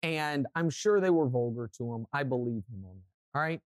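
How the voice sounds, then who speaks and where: A young man co-hosting a sports podcast, telling stories and giving strong opinions in an animated way. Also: medium pitch, normal speed, no room sound, clean studio sound. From Kansas City, US. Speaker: podcast co-host. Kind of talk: casual sports talk.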